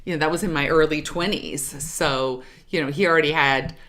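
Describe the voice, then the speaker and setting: A woman's voice: low voice, a little fast, fairly bright tone. A middle-aged woman from Kentucky, a jazz singer, chatting casually as a guest and telling stories with many restarts. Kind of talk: casual chat.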